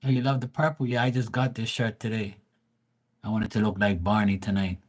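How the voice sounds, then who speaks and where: A man's voice: lowish voice, flat delivery, fairly quick. A man hosting a live tarot stream, talking casually and bluntly with plenty of swearing, and greeting chat viewers by name. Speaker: livestream tarot reader.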